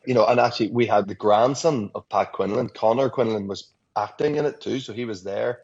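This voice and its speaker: A man's voice: fairly low pitch, fairly quick, darkish tone, slightly rough, muffled recording. A man, an actor, chatting casually in an interview from his apartment, laughing easily and restarting sentences.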